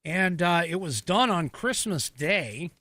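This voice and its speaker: A man's voice: sits high, lively intonation, slow, sharp tone, dry recording. A middle-aged man hosting a podcast, giving casual political commentary in a conversational way, with frequent fillers and self-corrections. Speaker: podcast host.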